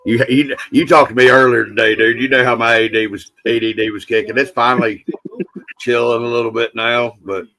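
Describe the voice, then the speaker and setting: A man's voice: medium pitch, fairly even intonation, fairly quick, pushed and bright, dry recording, low-quality recording. A man hosting a casual livestream, rambling and teasing his friends with salty jokes. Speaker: livestream host.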